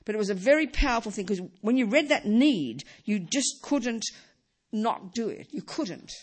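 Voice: mid-range voice, animated, normal speed, breathy edge. A middle-aged Buddhist teacher giving a dharma talk, emphatic and repeating key phrases.

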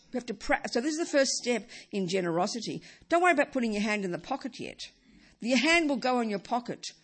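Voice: mid-range voice, a bit bright. A middle-aged Buddhist teacher giving a dharma talk, emphatic and repeating key phrases.

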